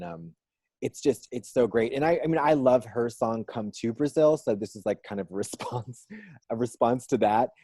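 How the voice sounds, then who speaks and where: A man's voice: lowish voice, mellow, no echo. A man in a casual interview, rambling with lots of fillers and restarts and making dry jokes. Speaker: drag performer and musician, guest.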